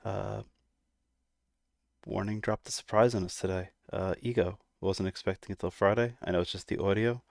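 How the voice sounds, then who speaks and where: A man with a low, gravelly voice hosts a music reaction, chatting casually and hesitantly with plenty of fillers. He sounds slightly out of breath, and his delivery stays fairly flat. The recording is dry and close. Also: normal speed, no echo. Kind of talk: casual chat.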